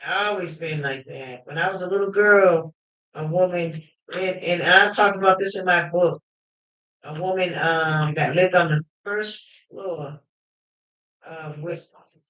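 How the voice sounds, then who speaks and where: A woman's voice: lowish voice, measured pace. Fervent woman livestreaming, roomy lo-fi sound. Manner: emphatic, swings into shouting. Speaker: livestream host. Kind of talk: fervent personal storytelling. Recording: roomy, dull lo-fi livestream audio.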